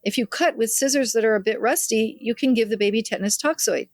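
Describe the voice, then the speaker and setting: A woman's voice: on the high side, quick pace, no echo, clean studio sound. An older woman, a midwife in an interview, telling family stories and acting out the people she quotes. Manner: lively storyteller who acts out quoted family members. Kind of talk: anecdotal interview storytelling.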